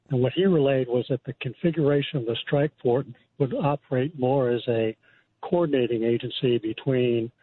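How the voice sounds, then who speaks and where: Polite male caller on a phone line. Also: mid-range voice. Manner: polite, measured, hesitant. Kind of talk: phone-in call.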